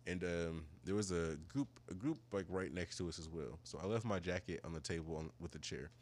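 Very deep-voiced man telling a profane story. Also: a little fast. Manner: animated, profane, acts out quotes in higher voices. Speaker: podcast co-host. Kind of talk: casual storytelling chat.

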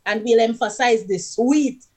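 A woman with a Jamaican accent and a fairly high voice talks on a radio show. She explains things patiently and walks through examples one at a time in a relaxed, chatty way. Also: measured pace. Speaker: radio guest. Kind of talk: casual radio chat.

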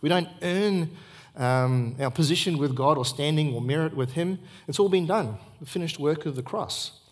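A middle-aged pastor with a fairly high-pitched voice preaches at a church service at normal speed. His storytelling is earnest, and he repeats key points for emphasis.

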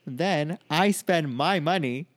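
A man's voice: fairly high pitch, slow, fairly bright tone. A young man co-hosting a podcast, telling his side in mock-indignant, teasing casual chat. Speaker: podcast co-host.

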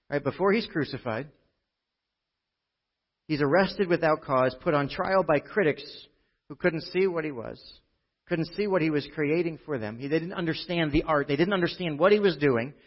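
A man preaching a sermon in a church service, his voice sitting a bit high for a man. He talks to the congregation in a loose, conversational way, tossing in "right?" and swinging from emphatic, louder lines to near-murmured asides. The recording sounds dull and muffled, like lo-fi audio. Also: moderate pace. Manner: conversational, with frequent rhetorical "right?". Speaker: pastor.

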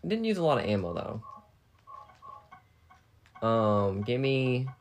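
A woman with a strikingly low voice plays through a horror game, swearing freely and getting loud when panicked. Her delivery is lively, and her pitch swings widely from line to line. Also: slow pace, a little hiss or hum. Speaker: game player. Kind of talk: casual let's-play chat.

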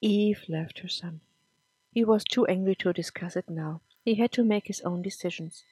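A woman narrating a serialized story podcast in a measured, emphatic reading. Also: on the low side, dark tone, husky, no echo. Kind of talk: scripted audiobook narration.

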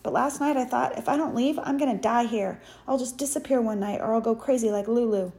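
Scared boy near tears, high pleading voice, read by a woman. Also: brisk, mellow, natural voice. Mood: frantic. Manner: panicky, pleading, raised voice.

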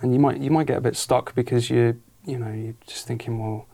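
A man's voice: medium pitch, steady tone, fairly quick, mellow. A man interviewing a guest in a casual podcast chat, rambling and correcting himself as he goes. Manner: rambling, self-correcting, lots of fillers.

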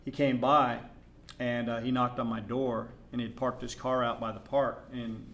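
A middle-aged man spins a story on a podcast in a casual, animated way. His voice is gravelly and sits at an ordinary pitch. He drops into hushed asides and then rises into loud outbursts. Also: normal speed, a little hiss or hum. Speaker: podcast co-host.

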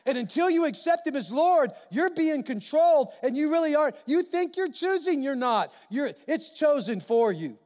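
A male pastor preaching a sermon in a church, animated and emphatic, repeating key phrases for weight. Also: extremely high pitch. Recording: long reverb of a large hall.

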